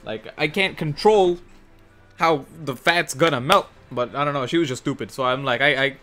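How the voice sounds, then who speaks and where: A young man casually telling a work story for his gaming channel, animated and cursing, acting out the other people in shifting voices. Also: mid-range voice, moderate pace. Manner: animated, swears, acts out quotes in shifting voices. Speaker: gaming youtuber. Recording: faint music underneath.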